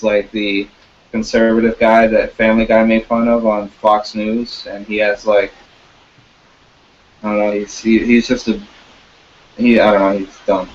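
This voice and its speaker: A man talking casually and rambling, with halting restarts and frequent swearing. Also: lowish voice, a little mellow. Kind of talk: casual chat. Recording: dull lo-fi sound.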